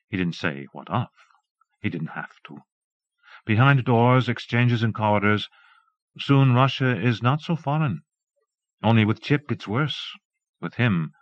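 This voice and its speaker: Low-voiced man reading an audiobook. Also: no room sound. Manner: measured, even literary reading. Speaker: audiobook narrator. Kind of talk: scripted audiobook narration. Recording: dull lo-fi cassette transfer.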